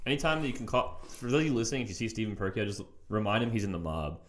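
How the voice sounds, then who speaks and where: A man's voice: fairly low pitch, lively intonation. A young man co-hosting a casual podcast, swearing a lot and teasing his friends. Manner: rapid, profane, teasing, lots of "like". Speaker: podcast co-host.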